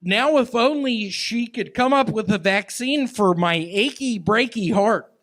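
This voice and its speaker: On a comedy club stage with a handheld mic, a stand-up comic guest does rambling, absurd stand-up and banter, drawling in a slow, halting way. His voice is high-pitched and fairly bright, with lively intonation.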